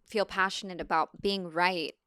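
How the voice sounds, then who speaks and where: A woman's voice: lowish voice, moderate pace, smooth, no echo, clean studio sound. A woman guest on a podcast, chatting casually and acting out quotes as she tells stories. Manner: animated storytelling, acts out quotes with laughs. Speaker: podcast guest, actor and script supervisor. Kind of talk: casual conversation. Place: Los Angeles.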